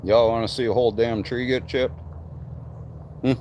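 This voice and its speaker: A man's voice: medium pitch, steady tone, moderate pace, darkish tone, a little hiss or hum. A man from Michigan who runs a tree business, chatting casually and swearing freely on a live stream from an outdoor work site. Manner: swears freely, loose rambling talk.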